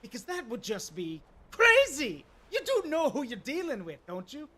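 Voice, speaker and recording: A streamer voicing a manic, theatrical male god of chaos from a video game, with drawn-out words and sudden loud outbursts. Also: high voice, huge pitch swings, pitched above the performer's own voice, exaggerated voice. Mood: grandiose.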